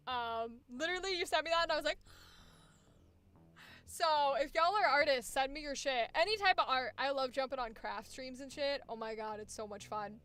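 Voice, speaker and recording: A woman's voice: high voice, normal speed, sharp tone. A woman voice actor chatting casually on a live stream, swearing freely and laughing easily, with faint music playing behind her. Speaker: voice actor streaming a coaching session. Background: faint background music.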